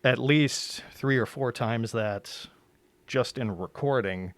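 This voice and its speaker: A man's voice: mid-range voice, slow, no room sound. A man who narrates audiobooks, a podcast guest giving brief, understated answers in casual chat.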